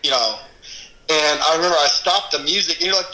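A man's voice: fairly high pitch, fairly quick, sharp tone, reverberant, low-quality recording. A man reminiscing in casual chat, telling wild stories with lots of swearing and laughter. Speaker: former club DJ, guest.

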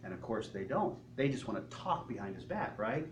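A male pastor preaching a sermon, telling the story in an animated way and asking the congregation questions. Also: lowish voice, normal speed, hardly any pauses, a little hiss or hum. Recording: echoey hall, faint ambience.

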